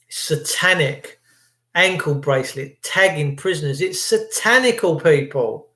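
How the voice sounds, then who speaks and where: A man's voice: fairly high pitch, animated, a little slow, bright, forceful tone, reverberant. An older man hosting a livestream, talking in an impassioned, rambling and preachy way, sometimes tripping over words. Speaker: livestream host.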